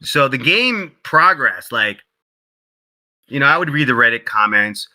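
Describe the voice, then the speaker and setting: Bright-voiced, animated man telling stories. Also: measured pace, poor audio. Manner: animated storyteller who acts out quotes in a higher voice; heavy use of "like" and "you know". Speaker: interview guest, game developer. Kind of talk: casual storytelling interview.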